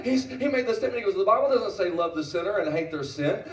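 The roomy, distant church recording captures a middle-aged man preaching a sermon as pastor in the sanctuary. His high voice is expressive and fast with hardly any pauses, and he's emphatic, repeating phrases and asking the congregation questions.

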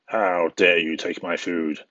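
A man's voice: deep voice, steady tone, a little slow, bright, forceful tone, no echo, lo-fi sound. A man reading as a fierce, mocking eagle. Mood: demanding. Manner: mocking, demanding. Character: fierce proud male eagle, mocking and angry.

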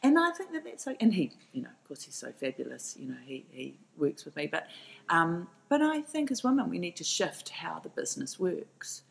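Speaking at a normal pace in a low, steady, gravelly voice, a middle-aged woman with a New Zealand accent answers podcast interview questions about being a documentary filmmaker. Her delivery is heated, passionate, and emphatic, with many restarts as she pushes her point, and the recording is rough.

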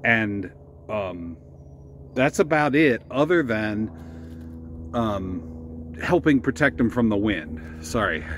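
A man's voice: on the low side, expressive, slow pace, long pauses, background noise. A man from the Mid-Atlantic US, walking around a backyard chicken coop while vlogging casually, a bit out of breath, with lots of fillers and restarts. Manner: rambling, with many fillers and restarts. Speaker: homesteading vlogger.

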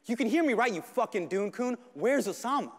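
A comedian acting out a hostile young prank caller who taunts and threatens. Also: male voice, very high voice, expressive, fairly quick, in a large hall. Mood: taunting.

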